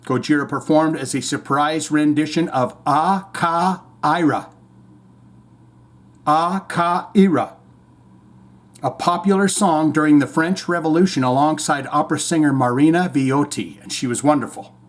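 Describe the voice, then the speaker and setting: A man's voice: on the high side, normal speed, hardly any pauses. A man hosting a podcast, giving rambling, irreverent, profanity-laced commentary on the news. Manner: rambling, irreverent, swears freely. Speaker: podcast host.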